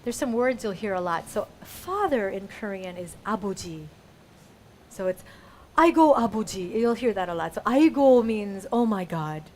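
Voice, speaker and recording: A woman's voice: medium pitch, animated, moderate pace, a little mellow, a little hiss or hum. A woman performer explaining audience call-outs at a live show in a museum, playful and chatty, laughing often. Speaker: solo musical performer.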